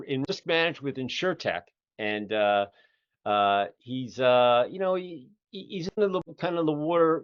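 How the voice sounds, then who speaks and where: With a clear, resonant, medium-pitched voice and a Philadelphia accent, a middle-aged host from the Philadelphia area, USA, runs a casual interview podcast. He rambles in a folksy way with many fillers, heard on dry, muffled lo-fi audio.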